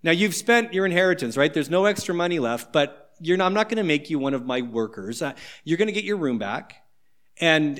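A man's voice: on the high side, close to an everyday voice. A man playing a stern lecturing father. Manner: lecturing, condescending. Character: stern disappointed middle-aged father lecturing son.

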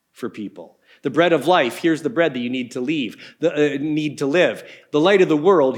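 A man preaching a sermon, explaining scripture in a conversational teaching manner with casual asides. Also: fairly high pitch. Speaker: pastor.

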